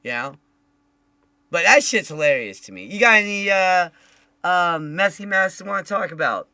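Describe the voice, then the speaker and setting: A man hosting a casual live-streamed chat show, loud and animated, swearing often. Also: high-pitched, normal speed, no echo. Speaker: podcast host.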